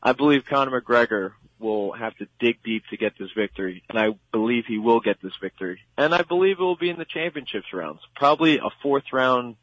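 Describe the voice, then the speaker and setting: A man's voice: mid-range voice, lively intonation, fairly quick, few pauses, a bit bright, dry recording. A man with a Long Island accent giving emphatic, opinionated fight predictions on a sports radio show. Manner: emphatic, opinionated, repeats "I believe". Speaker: guest fight analyst. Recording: dull lo-fi radio sound.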